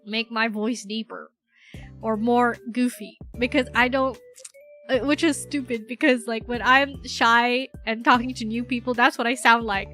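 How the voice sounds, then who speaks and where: Young female streamer from the Philippines, bright forceful voice, rambly and giggly, faint music underneath. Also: fairly high pitch, fairly even intonation, measured pace. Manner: rambling, giggly, filler-heavy, self-mocking. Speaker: VTuber streamer. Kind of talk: casual livestream chat.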